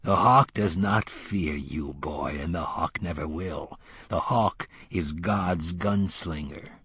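Male narrator as a hard, cruel weapons master for an audiobook: low, slow, flat and husky, with a drunken rasp. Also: dry recording, studio quality, exaggerated voice. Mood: menacing. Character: gruff brutal middle-aged male weapons master.

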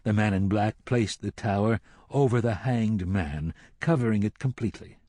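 A man narrating a dark fantasy audiobook in a slow, dramatic reading. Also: fairly low pitch, dry recording. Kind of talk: scripted narration.

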